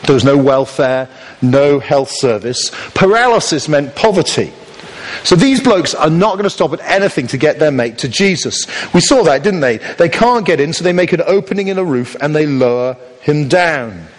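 A man preaches a sermon in a lively, swooping voice that sits a little high for a man, at a moderate pace. He tells the story with humour, acting out little voices, while a long reverb like a big hall's hangs behind him.

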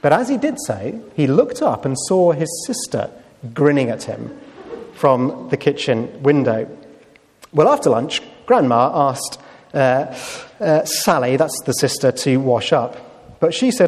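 A male preacher delivers a sermon in a relaxed, conversational way. He tosses rhetorical questions to his listeners and pauses on fillers. His slightly high voice rings out with a long reverb. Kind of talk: sermon with storytelling.

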